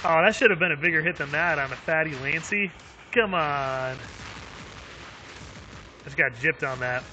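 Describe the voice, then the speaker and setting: A man's voice: a little high, moderate pace, pushed and bright, highs cut off, slight background noise. A man streaming a video game live, chatting upbeat with viewers, laughing often and using lots of fillers. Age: adult with young kids. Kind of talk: live gameplay commentary.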